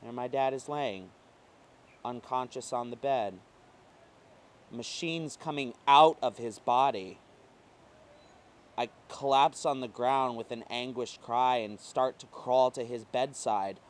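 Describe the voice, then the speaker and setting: A man reads a first-person short story aloud. His pitch sits in the middle of the usual range for men. His delivery is emotive, dropping low and hushed and then rising hard. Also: slow, pauses often. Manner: emotive, swinging between quiet and intense. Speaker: reader.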